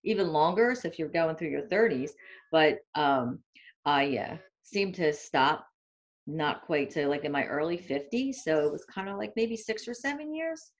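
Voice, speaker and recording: A woman in her fifties telling her own story in a candid, animated way as a guest in a casual group chat. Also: low voice, normal speed, lo-fi sound. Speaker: panel guest.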